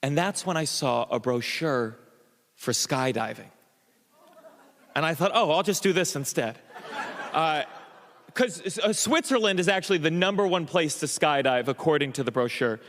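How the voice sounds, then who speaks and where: A man doing a stand-up comedy set, telling an animated story full of stammers and restarts, acting out the voices of the people in it. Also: a little high, normal speed, big-room sound. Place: comedy club stage. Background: audience laughter.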